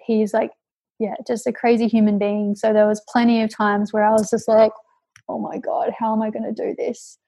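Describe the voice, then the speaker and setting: A young adult woman tells stories from her travels in a relaxed, chatty way. Her voice sits on the high side but moves little in pitch. Her talk is full of fillers. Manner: chatty, laughs often, many fillers. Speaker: guest. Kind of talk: casual conversational storytelling.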